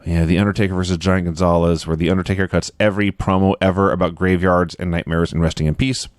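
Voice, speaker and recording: A man co-hosting a podcast, telling a story in a casual, animated way and acting out the quotes he tells. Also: sits low, fast, no room sound, clean studio sound. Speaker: podcast co-host. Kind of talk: casual recap chat.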